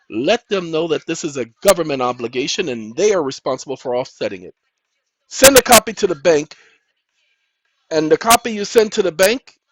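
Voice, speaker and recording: A man hosting his own channel, talking in an emphatic, preaching-style monologue that keeps calling out to "ladies and gentlemen" and climbs into loud, insistent bursts. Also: sits high, no room sound, poor audio. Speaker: channel host.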